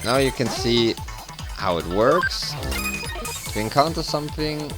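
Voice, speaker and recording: A woman's voice: a bass voice, expressive, slow pace. A woman giving casual commentary over a video game, reading its dialogue aloud and remarking on it. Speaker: let's play gamer. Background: loud game music.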